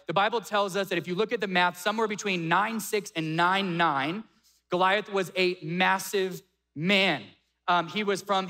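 A young man preaching a sermon, retelling a story with animated acted-out dialogue. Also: high-pitched. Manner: animated, acts out quoted dialogue. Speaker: pastor.

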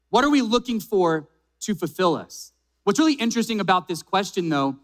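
A man preaching an Easter sermon as a pastor, emphatic, slowing down and repeating key phrases for weight. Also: high-pitched, fairly bright tone.

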